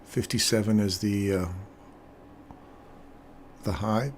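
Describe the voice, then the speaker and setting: An older man speaks slowly in a fairly low voice as he hosts a live trading stream, chatting casually with viewers and remarking on the charts. He's a talker who laughs frequently and grows animated during stories. Slight background noise can be heard.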